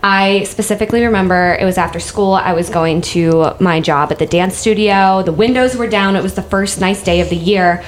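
A woman in her twenties co-hosting a casual chat, telling lively stories and acting out quotes in a high voice. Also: a little fast, few pauses, a little hiss or hum. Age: 20s. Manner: chatty storyteller, acts out quotes in a high voice. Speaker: co-host.

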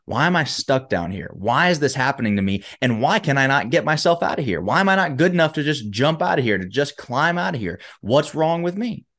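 A man voicing a stressed man stuck in a deep hole, pleading with his voice climbing higher. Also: fast talker, close to an everyday voice. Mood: desperate. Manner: pleading, rising in pitch.

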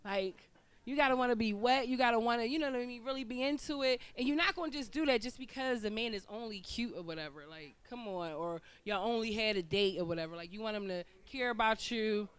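A woman's voice: a little high, fast talker, smooth. A woman from the audience speaking up at a live podcast debate, frank, candid and profane. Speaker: audience member.

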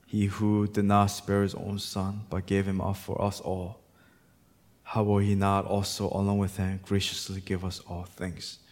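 Man preaching in an echoey hall. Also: lowish voice. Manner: swings from quiet reflection to loud impassioned preaching. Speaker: pastor. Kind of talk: sermon.

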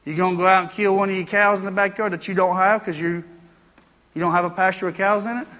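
A man's voice: high voice, fairly even intonation, quick pace, sharp tone, big-room sound. A man preaching a sermon, mixing folksy country stories with emphatic preaching. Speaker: pastor.

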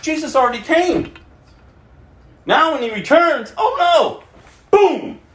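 A male pastor preaching a sermon in an animated way, laughing and acting out quotes in shifting voices. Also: very high voice, slow, reverberant.

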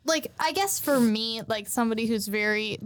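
A woman's voice: on the high side, moderate pace, slight background noise. A young woman co-hosting a casual podcast chat, opinionated and chatty. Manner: opinionated, chatty, many fillers. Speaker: podcast co-host.

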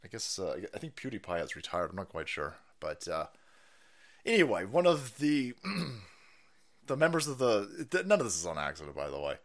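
A man hosting a stream, ranting in profane political commentary with mocking asides and sudden shouts. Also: on the low side, sing-song, moderate pace. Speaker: streamer host.

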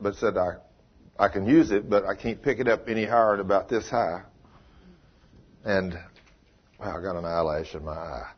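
Folksy preacher man, husky voice. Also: fairly low pitch. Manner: folksy, swings from hushed to loud and excited. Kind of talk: sermon storytelling. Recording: dull muffled sound.

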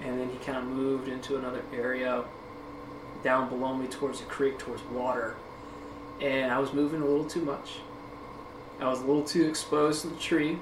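A man hosting a podcast, telling a story in a casual, animated way, swearing freely and laughing often. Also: mid-range voice, brisk. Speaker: podcast host. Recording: echoey room with background noise.

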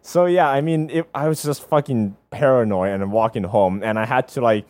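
A young man co-hosting a podcast, telling an animated story with plenty of swearing and laughter. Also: medium pitch, moderate pace, no echo. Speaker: podcast co-host. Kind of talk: casual chat.

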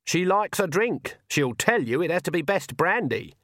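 A man reading an audiobook and voicing a stern, shrewd old witch woman who speaks in a dry, calm, cutting way. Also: fairly high pitch, normal speed, no echo, voice pushed up.

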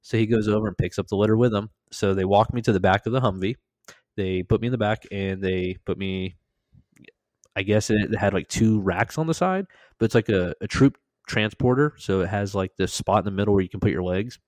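Male podcast host, lowish voice, dry close sound, lively profane storyteller. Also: fairly quick, dry recording. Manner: animated, profane, acts out quoted lines. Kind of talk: casual storytelling.

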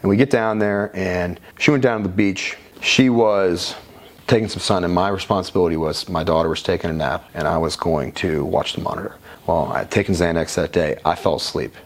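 Deep-voiced man telling his story. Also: steady tone, fairly quick. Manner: frank, conversational, casually profane. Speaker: interview guest. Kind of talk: candid personal storytelling.

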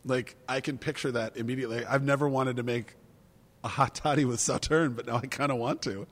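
A rambling man co-hosts a casual tasting chat, swearing freely and laughing often. His voice sits at a middle pitch and trails into a long reverb tail. He talks loosely, with many restarts. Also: fairly even intonation, fairly quick, fairly bright tone. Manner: rambling, profane, laughs easily. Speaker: podcast co-host.

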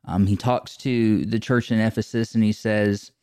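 A man co-hosting a Bible podcast, calmly paraphrasing scripture in the first person in a relaxed conversational way. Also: on the low side, moderate pace, clear, resonant tone, no echo, studio quality. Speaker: podcast co-host.

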